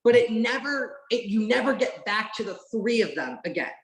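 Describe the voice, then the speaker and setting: A woman guest on a podcast, telling wrestling memories in an excited, rambling way and swearing now and then. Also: a little high, moderate pace. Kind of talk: casual podcast chat. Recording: roomy echo.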